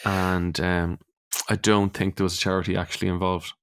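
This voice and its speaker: Deep-voiced Irish comedian telling stories. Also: male voice, normal speed, clean tone. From Ireland. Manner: animated, swearing, acts out voices in anecdotes. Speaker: comedian guest. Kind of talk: casual storytelling chat.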